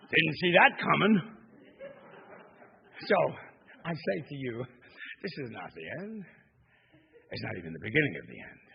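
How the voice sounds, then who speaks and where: A male minister giving a sermon, telling a folksy story with animated delivery in a church. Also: fairly high pitch, normal speed, creaky, pauses often, muffled recording, slight background noise. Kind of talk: sermon with a joke. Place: church sanctuary.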